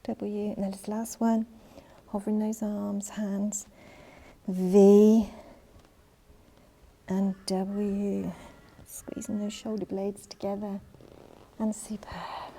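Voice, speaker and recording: A woman instructor leading an online Pilates class, calmly cueing and counting reps, slightly out of breath as she exercises along. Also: medium pitch, takes it slowly, vocal fry, pauses often. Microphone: worn mic.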